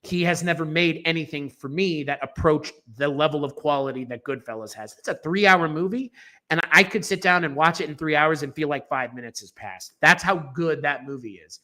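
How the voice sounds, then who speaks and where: A man's voice: on the high side, fairly quick, bright, forceful tone. A man co-hosting a film podcast, giving strong, emphatic opinions in a casual, rambling way with fillers and restarts.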